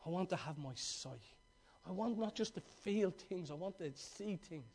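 A man's voice: sits high, lively intonation, moderate pace, darkish tone, slight background noise, voice pushed down. A male preacher voicing the blind beggar Bartimaeus, speaking earnestly and pleadingly.

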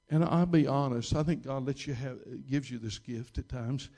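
A man's voice: steady tone, moderate pace, few pauses, warm tone. Rambling, emphatic male pastor. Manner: rambling, with many restarts and repeated words; emphatic, rising in pitch and volume at key moments. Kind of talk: storytelling sermon.

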